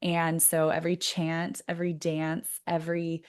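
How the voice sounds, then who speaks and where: Animated lower-pitched woman telling a story. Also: moderate pace, clear, resonant tone. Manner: animated storyteller, laughs often. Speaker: podcast guest. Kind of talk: casual interview storytelling.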